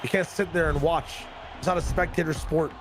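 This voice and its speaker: A man casually chatting and reacting while co-hosting a gaming stream, blunt and quick with banter. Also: a little high, steady tone, music in the background. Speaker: stream co-host.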